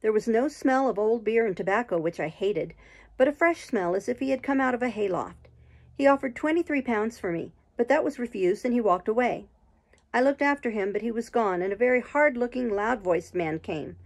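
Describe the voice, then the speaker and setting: A woman reading a classic novel aloud in slow, measured storybook narration. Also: fairly high pitch, animated, a little mellow. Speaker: audiobook reader.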